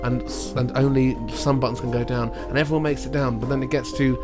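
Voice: flat delivery, fast talker, music in the background. Giggly improviser. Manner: giggly, trailing off into low musing. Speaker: comedy improviser. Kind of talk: improvised comedy brainstorm.

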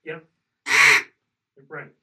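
A man working as a hunting guide, coaching someone in a relaxed way, patiently correcting him and demonstrating sounds. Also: drawn-out words, far from the mic, phone-quality sound. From Colorado. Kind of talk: casual coaching.

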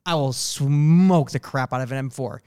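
A man co-hosting a casual podcast about cars, talking in quick emphatic bursts with opinions and frequent restarts. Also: medium pitch, warm tone, clean tone, dry recording, studio quality. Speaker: podcast co-host. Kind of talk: casual car talk chat.

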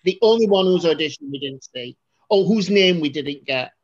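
A woman co-hosting a podcast talks through a film in casual, rambling chat. She restarts her sentences often and gets animated. The audio is a little dull and lo-fi. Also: fairly low pitch, moderate pace, husky. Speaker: podcast co-host.

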